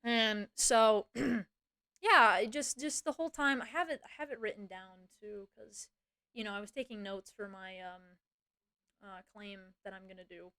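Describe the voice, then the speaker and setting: A woman's voice: mid-range voice, moderate pace, pushed and bright. A woman streamer venting in casual chat, ranting and swearing, with many fillers and restarts.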